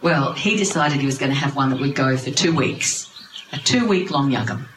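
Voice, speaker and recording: A storyteller recounting a sacred tale to a gathering with wry, animated asides. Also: mid-range voice, moderate pace. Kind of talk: lively spiritual storytelling to a group. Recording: roomy, noisy ambience.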